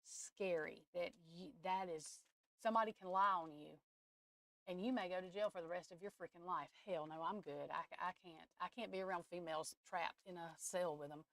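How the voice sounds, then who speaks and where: A woman's voice: lowish voice, a little fast, fairly bright tone, no echo. A woman, hosting a livestream from home and chatting bluntly and openly with her viewers, cursing now and then. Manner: chatty and blunt, curses, talks straight to her chat. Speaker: tarot reader and livestream host. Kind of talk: casual livestream chat.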